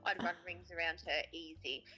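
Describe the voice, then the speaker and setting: A woman's voice: fairly low pitch, fairly even intonation, normal speed, sharp tone, faint music behind, low-quality recording. A middle-aged woman, a mother, chatting with her sister in a dry, teasing, sarcastic way. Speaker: guest sister. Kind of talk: casual chat.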